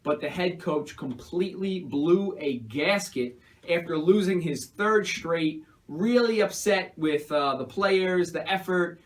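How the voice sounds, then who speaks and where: Man, host, high voice, casual sports recap, upbeat, chatty banter. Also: takes it slowly, hardly any pauses, rough recording.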